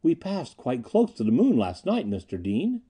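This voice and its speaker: A man reading the part of a soft-voiced, silky male mystic preacher from Venus in an audiobook, smooth and condescending. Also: medium pitch, huge pitch swings, moderate pace.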